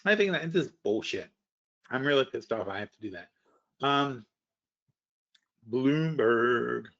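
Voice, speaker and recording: A man's voice: mid-range voice, expressive, unhurried, a bit bright, lo-fi sound. A man hosting a live webinar, commenting casually and bluntly on markets, thinking aloud with trailing, restarted sentences and the odd curse. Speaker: webinar host.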